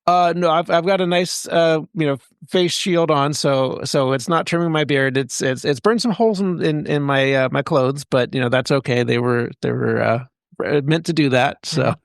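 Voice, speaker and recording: A man co-hosting a podcast who talks in a halting, rambling way with many fillers. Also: on the high side, gravelly, dry recording, studio quality. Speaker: podcast co-host. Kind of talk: casual chat.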